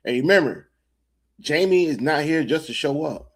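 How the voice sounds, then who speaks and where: Husky man teasing his podcast co-host. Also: fairly high pitch, expressive, normal speed. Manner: teasing, joking, swears freely. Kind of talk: casual podcast banter.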